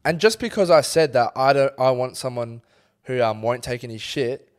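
Young Australian male co-host, mid-pitched, easygoing and sweary. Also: normal speed, smooth. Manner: laid-back, swears, laughs easily. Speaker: podcast co-host. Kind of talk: casual chat. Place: studio under lights.

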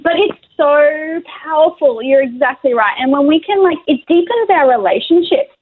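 An enthusiastic woman talks as a podcast guest, leaning hard on her emphasis. Her voice is high and bright, and it comes through a thin, phone-like line. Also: animated, moderate pace. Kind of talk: casual chat.

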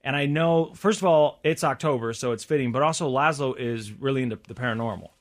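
A man's voice: mid-range voice, quick pace. A man hosting a podcast, retelling a story in casual chat and acting out the quoted voices. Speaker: podcast host.

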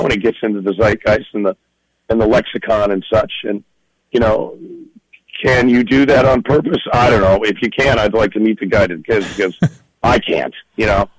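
Guy spinning a lively story in an interview, dry close mic. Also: lowish voice, slightly rough, dry recording, low-quality recording. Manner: animated anecdote telling, laughs often. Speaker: film director and writer, guest.

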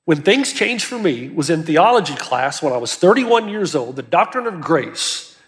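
A man's voice: fairly high pitch, big pitch swings, normal speed, in a large hall. A man preaching a sermon as pastor, earnest and emphatic, with urgency that builds as he presses his points.

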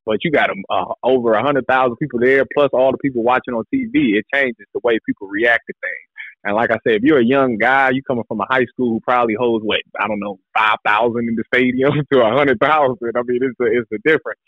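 Laid-back former defensive back, dry radio sound. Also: male voice, mid-range voice, fairly even intonation, dry recording, dull audio. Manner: loose, laughing, drawn-out storytelling. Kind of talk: casual interview talk.

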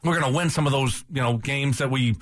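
A man's voice: medium pitch, fast, fairly bright tone, no echo, studio quality. A man co-hosting a sports radio show, ranting in a heated way and repeating himself as he talks over a loss. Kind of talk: casual sports talk.

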